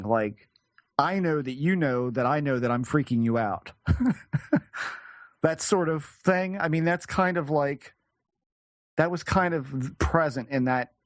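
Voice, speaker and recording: A man appears as a podcast guest, telling a story from his own life. He speaks haltingly, groping for words and often starting over, in a mid-range voice on a dry recording.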